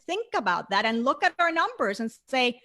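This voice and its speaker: A woman guest talks through her ideas earnestly, leaning on key words and repeating them for stress. Her voice sits a little high and rings bright and crisp. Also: sing-song, moderate pace. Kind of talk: conversational interview.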